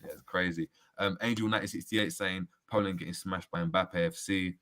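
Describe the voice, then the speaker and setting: A man's voice: deep voice, a little fast. A man hosting a casual football chat show, telling stories in slang and reading out viewer comments. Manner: animated storytelling, slangy, reads out viewer comments. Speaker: host.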